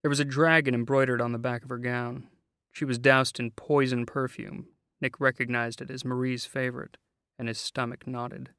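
A man narrating a novel in a measured, wry way, close to the mic. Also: medium pitch, flat delivery, fairly bright tone, clear, resonant tone, no room sound. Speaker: audiobook narrator. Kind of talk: scripted narration.

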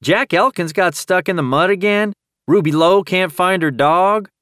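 A man's voice: sits high, normal speed, fairly bright tone, no room sound, clean studio sound, pitched above the performer's own voice. A man voicing an eager young male deputy who protests and complains in a whining tone. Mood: whiny.

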